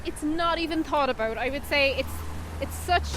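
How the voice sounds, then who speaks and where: An Irish woman in her thirties co-hosting a film podcast, animated and chatty, saying "like" a lot. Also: high voice, normal speed, background noise. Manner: animated, laughs often, says "like" a lot. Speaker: podcast co-host. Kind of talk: casual film review chat.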